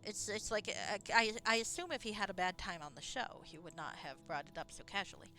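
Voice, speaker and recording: A woman's voice: medium pitch, lively intonation, a little fast, sharp tone, slight background noise. A woman streaming a video game, talking in a rambling, chatty way, swearing casually and laughing often. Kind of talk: casual rambling commentary while playing.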